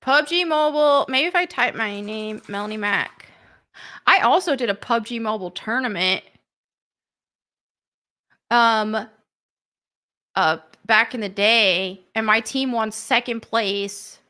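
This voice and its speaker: A woman's voice: a little high, measured pace, long pauses, pushed and bright. A woman hosting a live stream, chatting casually and laughing often.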